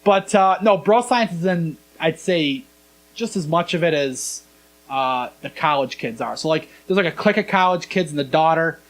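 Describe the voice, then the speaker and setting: Animated young man, high voice. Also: normal speed. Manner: animated storyteller, acts out quoted lines. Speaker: podcast host. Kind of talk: casual chat.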